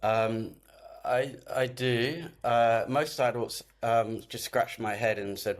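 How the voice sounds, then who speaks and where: A man speaking as an interview guest, talking in a halting way with restarts and fillers, calling in remotely. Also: mid-range voice, fairly even intonation. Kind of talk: conversational interview. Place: remote call.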